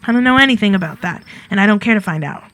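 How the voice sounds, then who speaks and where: A woman's voice: mid-range voice, animated, rapid-fire, lightly acted, low-quality recording. A woman doing a sarcastic, dismissive young woman. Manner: curt, sarcastic. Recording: loud game music behind.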